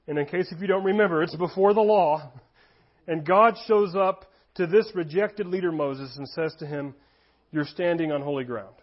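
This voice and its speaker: A high-pitched male pastor delivers a sermon, moving between scripture reading and lively, emphatic explanation with chuckles along the way. The recording sounds dull and lo-fi. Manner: animated preaching with frequent chuckles and emphatic rises.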